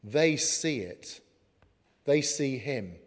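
A man's voice: medium pitch, animated. Preaching man in a reverberant hall. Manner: earnest, builds to emphatic slow lines. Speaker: pastor. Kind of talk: sermon. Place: church hall.

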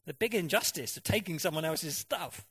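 A man's voice: fairly high pitch, lively intonation, moderate pace, a bit bright, slightly rough. A man preaching a sermon in a conversational way, often asking the congregation questions and now and then mimicking voices for effect.

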